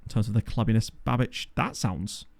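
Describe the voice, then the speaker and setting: A man giving casual gameplay commentary from a home desk microphone, chatty and thinking aloud, often breaking into excited exclamations. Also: fairly low pitch, brisk, vocal fry. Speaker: game commentator.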